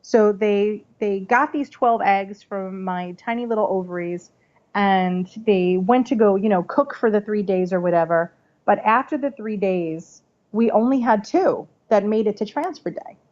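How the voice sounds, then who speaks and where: A woman's voice: mid-range voice, unhurried. Chatty woman, slightly dull audio. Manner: chatty, animated, lots of "like" and "you know" fillers. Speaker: podcast guest telling her birth story. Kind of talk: casual storytelling interview.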